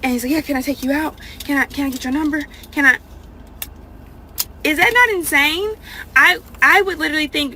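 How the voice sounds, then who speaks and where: A woman telling an animated storytime rant, acting out both sides of the exchange in quoted voices. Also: sits high, a little fast, slight background noise, low-quality recording.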